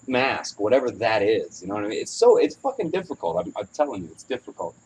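A man's voice: on the low side, very animated, quick pace, darkish tone, a little hiss or hum, low-quality recording. A man hosting a casual podcast chat, candid and rambling, swearing freely as he talks. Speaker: podcast host. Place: outdoors on a porch at evening.

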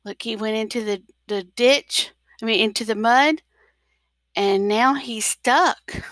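A teacher reads a storybook aloud to young children, very slow and full of expression, now and then dropping into a whisper. Her voice is bright and fairly high, picked up close in a dry room. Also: no echo.

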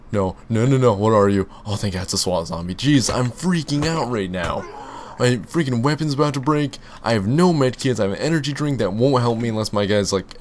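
A man's voice: medium pitch, a little hiss or hum. A young man commenting on his own gameplay, rambling and breaking into panicky outbursts. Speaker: gaming YouTuber. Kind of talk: let's play commentary.

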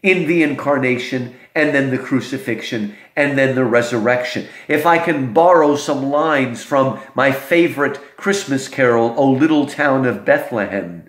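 A man giving a literature lecture, slow and expressive, with dramatic emphasis. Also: medium pitch. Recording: roomy echo.

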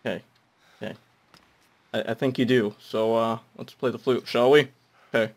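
A young man giving goofy, rambling gameplay commentary, nervous and self-mocking, often breaking into shrill shouting. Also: steady tone, normal speed, noisy background. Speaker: gamer.

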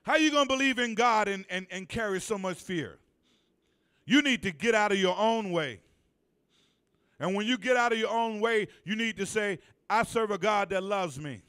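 A man's voice: high voice, a bit bright, smooth. A man preaching a sermon in church, calling on the congregation to answer back and stretching out key phrases for emphasis. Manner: call-and-response preaching, drawn-out emphatic phrases. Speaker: pastor. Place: church sanctuary.

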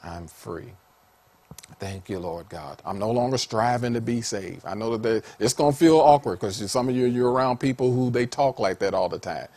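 A man a sermon in an animated way, laughing often and rising to high excited calls. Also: moderate pace. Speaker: preacher.

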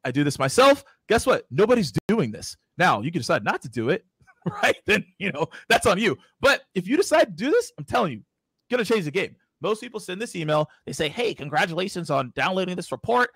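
A man with a slightly high voice coaches a sales crowd at a quick, excited clip. He laughs often and talks straight to the audience. The sound is dry and close, with no room in it. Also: slightly rough, no echo. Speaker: webinar host. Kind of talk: energetic sales coaching talk.

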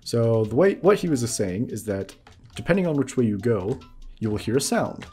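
A man's voice: mid-range voice, big pitch swings, normal speed, a little mellow, soft background music. A man giving casual let's-play commentary, chuckling and explaining as he plays. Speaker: gamer.

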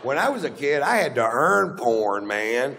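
A man's voice: mid-range voice, very animated, measured pace, a bit bright. A middle-aged man with a Texan accent doing a crude, rambling stand-up routine on a theater stage, acting out quotes as he goes. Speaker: stand-up comedian. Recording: live theater with long reverb, faint hum.

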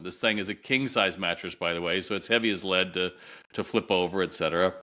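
A man's voice: sits low, a little fast, sharp tone. A middle-aged man, a guest retail consultant, telling a long story in an interview and acting out the voices of the people in it.

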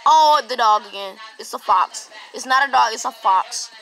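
This young woman's voice sits high and bright as she talks through a game. She chats casually, but keeps breaking into jumpy yelps whenever something startles her. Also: moderate pace, low-quality recording. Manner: jumpy, excitable, shrieks when startled. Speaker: gaming vlogger. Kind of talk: casual gaming commentary.

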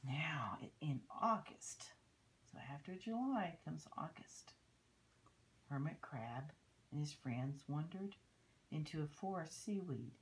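An older woman reading a picture book aloud to children, pausing to point at the pictures and explain. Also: low voice, lively intonation, slight background noise, rough recording. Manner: unhurried, stops to point out pictures and teach. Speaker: storybook reader.

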